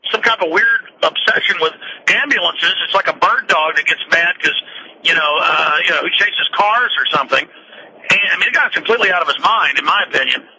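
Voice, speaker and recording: A male talk radio host in his thirties rants with heated conviction. His voice sits high and sounds very bright and forceful. Faint noise runs under the broadcast. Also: rough recording. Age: 30s. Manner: heated, ranting.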